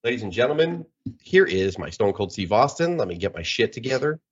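A man's voice: medium pitch, sing-song, fairly quick, slightly rough, dull audio. A man hosting a casual game with friends, rambling, swearing and laughing as he talks. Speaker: podcast host running a game.

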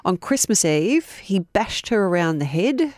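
An Australian woman co-hosting a podcast, telling a true-crime story in a chatty, animated way and often breaking into giggles. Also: mid-range voice, measured pace, no room sound, clean studio sound. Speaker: podcast co-host.

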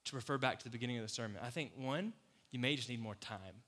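A man preaching a casual, conversational sermon as pastor, animated, acting out quoted voices and laughing often. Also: mid-range voice, quick pace. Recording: long hall reverb.

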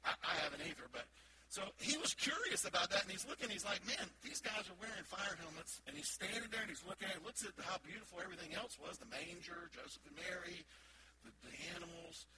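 A man's voice: high voice, sing-song, fast, heavy background noise. A man with a Southern American accent, a pastor giving a chatty sermon that asks the congregation questions. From Southern United States.

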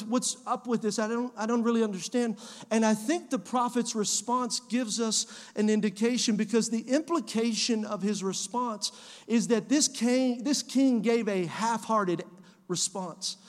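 A man preaching a sermon as pastor of his church, repeating phrases and building to shouts. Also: extremely high pitch, fairly even intonation, normal speed. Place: church sanctuary. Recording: long hall reverb.

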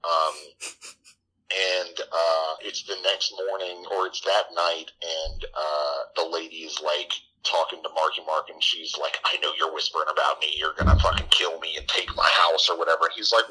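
Deep-voiced guy with a really bright, cutting tone, rambling and swearing through a movie recap, keeps doing squeaky voices. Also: little pitch movement, moderate pace, husky, rough recording. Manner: rambling, profane, jumps into squeaky character voices. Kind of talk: casual comic movie recap.

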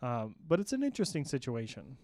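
A man's voice: mid-range voice, wildly swooping pitch, fast, darkish tone, no echo. A man hosting a gaming podcast, reading news items steadily with small restarts and casual asides. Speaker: host and news reader. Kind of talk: podcast news rundown with banter.

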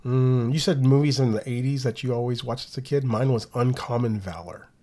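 A middle-aged man co-hosting a podcast in relaxed, casual chat, recalling old movies. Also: medium pitch, fairly quick. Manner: relaxed, slips into playful movie voices. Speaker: podcast co-host.

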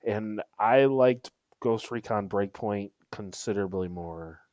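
A man chatting casually about video games. He is hesitant and trails off quietly at the ends of thoughts. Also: fairly low pitch, unhurried, no room sound, clean studio sound. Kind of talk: casual chat.

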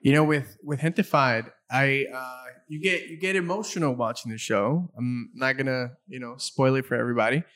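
A middle-aged man hosting a casual interview, talking in a halting way and often repeating his words. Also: mid-range voice, steady tone, fairly bright tone. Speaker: interview host.

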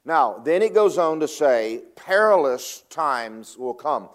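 A man delivers a sermon, his voice sitting a touch higher than most men's. He talks in a folksy, emphatic way, dropping low and quiet, then rising loud, and stretching words out slowly before rushing ahead. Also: very animated. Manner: folksy, emphatic, varies loudness and pace for effect. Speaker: preacher.

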